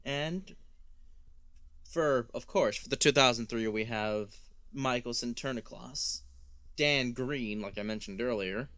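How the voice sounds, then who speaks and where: Guy co-hosting a review chat, super animated, does little voices, bright tone, dry sound. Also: medium pitch, slow, no room sound. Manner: animated, acts out voices and quotes. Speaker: co-host.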